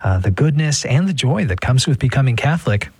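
A man from California hosts a radio pledge drive in a husky voice with a dry, close sound. He is chatty and self-deprecating and often pauses on an "uh.". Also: medium pitch, big pitch swings, no room sound. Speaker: radio host. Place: radio studio.

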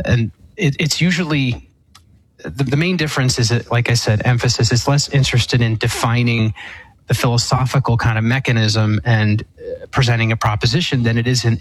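Husky-voiced priest explaining theology. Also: male voice, mid-range voice, rough recording. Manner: measured, thoughtful, with frequent fillers and restarts. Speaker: Eastern Catholic priest. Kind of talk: explaining theology on a call-in show.

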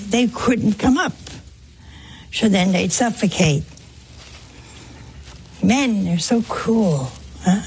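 A woman preaching a devotional sermon, telling it slowly and emphatically with rhetorical questions. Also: medium pitch, a little mellow, slight background noise.

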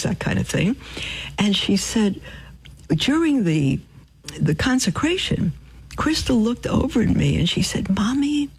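An older woman hosting Catholic radio, telling faith stories with lively whispered emphasis. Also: on the low side, vocal fry, slightly rough, poor audio. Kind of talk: storytelling appeal on radio.

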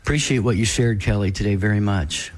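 A man co-hosting a radio talk show, speaking in a gentle, reflective way. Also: on the low side, brisk. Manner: gentle, reflective, faith-minded. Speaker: radio co-host.

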